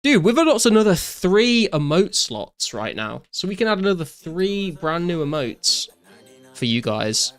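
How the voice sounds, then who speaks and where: A young British man live-streaming a game, casually chatting and excitedly thanking viewers, swearing often. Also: high voice, unhurried, soft background music. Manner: excitable, swears a lot, thanks donors profusely.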